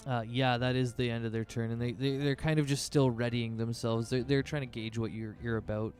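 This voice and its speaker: A man's voice: medium pitch, steady tone, a little fast, darkish tone, faint music behind. Rambling man running a tabletop game. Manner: rambling, loose narration with many fillers. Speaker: game master.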